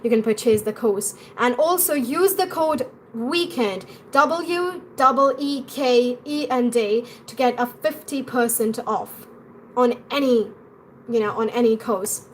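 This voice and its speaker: A young woman with an acquired British accent coaches English pronunciation on a live stream, answering viewer questions in a quick, chatty way. Her voice is on the high side, with slight background noise.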